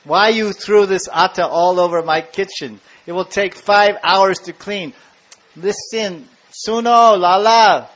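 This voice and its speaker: This is a worn-out mother telling off her little troublemaker, as a man puts her on. Her voice sits a touch high and draws each word out long with exasperation. The recording is dull and lo-fi. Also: a bit bright. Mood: exasperated scolding. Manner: drawn-out, exasperated scolding. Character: scolding mother of a mischievous little boy.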